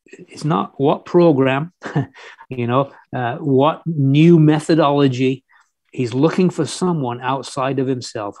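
A man's voice: mid-range voice, animated, a little slow, a little mellow, no echo. Fervent male preacher, dry sound. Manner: earnest, fervent exhortation with repeated restarts. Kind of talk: sermon.

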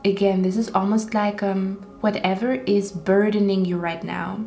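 A woman's voice: mid-range voice, little pitch movement, moderate pace, creaky, dark tone, faint music behind. Earnest woman doing a tarot reading. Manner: earnest, repetitive, checks in with "okay?". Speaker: tarot card reader. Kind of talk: intuitive tarot reading addressed to viewers.

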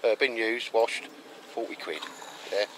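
A man's voice: fairly low pitch, steady tone, measured pace, background noise. Chatty man in the woods. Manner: chatty, rambling, calls people mate. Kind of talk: casual chat. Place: outdoors in woodland.

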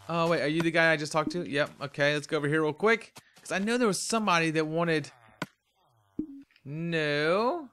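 A let's play host, tired and yawning, talks himself through his gameplay in rambling, chatty commentary. His slightly high voice sounds bright and sharp, with a faint hiss in the background.

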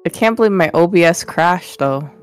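Laid-back woman artist, low voice. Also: normal speed, clean tone, soft background music. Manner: relaxed, laughs easily, trails off mid-sentence. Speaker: artist guest streamer. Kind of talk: casual chat.

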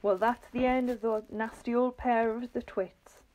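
A woman reading a children's book aloud in a lively, expressive storytelling manner. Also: fairly high pitch, measured pace, noisy background.

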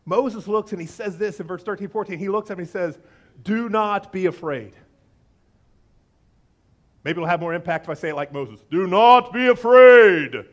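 A male pastor giving a sermon with animated storytelling, acting out the quoted voices of his listeners and biblical figures. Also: high-pitched, normal speed, long pauses.

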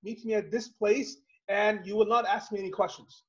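A man voicing a wealthy older gentleman who calmly gives orders to a young man, told as part of a story in a lesson. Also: high voice, normal speed, highs cut off. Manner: calm, instructing. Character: wealthy older male mentor, calm and commanding.

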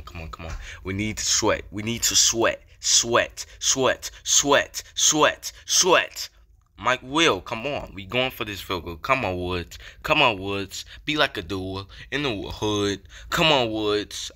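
Bright-voiced excitable young gaming commentator. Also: male voice, lowish voice, moderate pace, hardly any pauses. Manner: excitable, shouts and hypes up big plays; slangy, repeats chants of encouragement. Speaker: gaming YouTuber. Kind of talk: gameplay commentary.

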